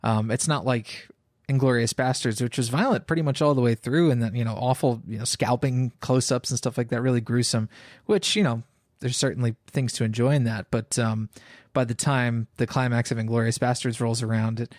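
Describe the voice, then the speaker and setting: A man co-hosting a casual film podcast, weighing his points thoughtfully with the odd "um". His pitch is an everyday middle. The sound is close and dry. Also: fairly even intonation, brisk, darkish tone, dry recording. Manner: thoughtful, analytical, with fillers. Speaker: podcast co-host.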